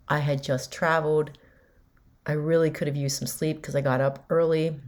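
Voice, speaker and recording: Woman, low pitch, podcast host, candid conversational storytelling. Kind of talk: personal storytelling.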